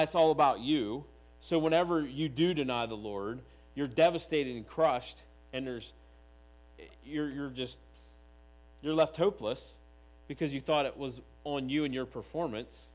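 A man preaching a sermon, reading scripture aloud and voicing the figures of the text with animated delivery. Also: mid-range voice, moderate pace, low-quality recording. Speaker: pastor.

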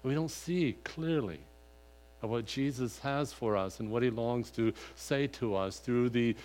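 An older male pastor delivering a sermon through a homespun anecdote. He rambles and circles back, filling gaps with "you know," and perks up when he acts out a conversation. His voice sits at an ordinary middle pitch. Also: measured pace, a little mellow. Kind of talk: sermon with folksy personal story.

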